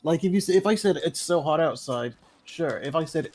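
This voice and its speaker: A man's voice: fairly high pitch, animated, normal speed, hardly any pauses, darkish tone, a little hiss or hum. A man streaming a video game, chatting casually, explaining at length and laughing often. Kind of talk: casual chat while gaming.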